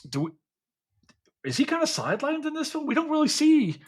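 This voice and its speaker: A man's voice: very high voice, very animated, brisk. A man from the American South hosting a podcast, chatting about film and history with lots of fillers and restarts. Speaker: podcast host. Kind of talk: casual film and history chat.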